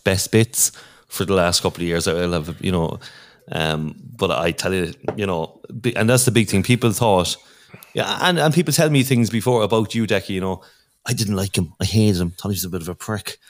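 A man's voice: low-pitched, brisk, few pauses. An Irish man signing off as a podcast host, rambling and sentimental in casual chat over a remote call.

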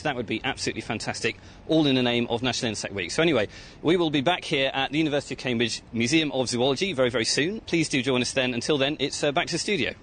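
A man reporting live outdoors for a radio science show, upbeat as he talks with children on site. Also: fairly bright tone. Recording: outdoor report with faint rumble.

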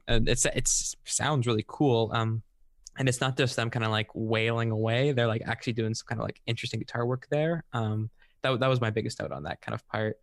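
A man's voice: mid-range voice, brisk, dry recording, studio quality. A man co-hosting a casual music podcast, searching for words and musing hesitantly with many ums and likes. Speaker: podcast co-host.

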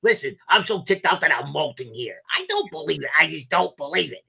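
A man doing a comic impression of a cranky, loudmouthed male parrot sidekick, ranting in an exasperated squawk. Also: on the high side, animated, fairly quick, gravelly, breathy edge, heavily acted.

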